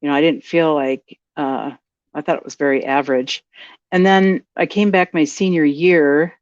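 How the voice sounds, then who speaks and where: A woman's voice: deep voice, steady tone, normal speed, no echo, dull audio. Chatty Minnesotan woman. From Minnesota, USA. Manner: friendly, chatty, with frequent fillers and restarts. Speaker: podcast guest. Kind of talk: casual interview chat.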